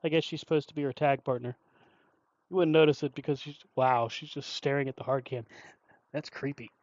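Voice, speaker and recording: A man's voice: medium pitch, fairly even intonation, a little fast, a little mellow, dry recording. A man co-hosting a wrestling news podcast in casual chat, wry and joking, often mock-offended. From Virginia. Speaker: podcast co-host. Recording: dull lo-fi dry audio.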